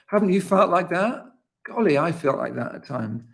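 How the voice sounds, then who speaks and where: Earnest man with a gravelly voice. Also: sits high, animated, fairly bright tone. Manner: earnest and enthusiastic, musing aloud with frequent restarts; slows down and lingers over quoted lines. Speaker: resident poet leading a poetry session. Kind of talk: reflective talk with read-aloud poetry passages.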